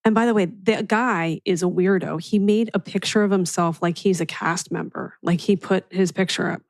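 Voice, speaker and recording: Gravelly low-voiced woman hosting. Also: fairly even intonation, no room sound. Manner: brisk backchannel, blunt opinions. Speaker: podcast host. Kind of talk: casual chat.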